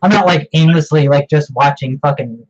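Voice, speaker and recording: A man's voice: on the high side, moderate pace. A man co-hosting a casual podcast chat, rambling and swearing freely, laughing often as he talks. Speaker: podcast co-host. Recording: dull lo-fi audio.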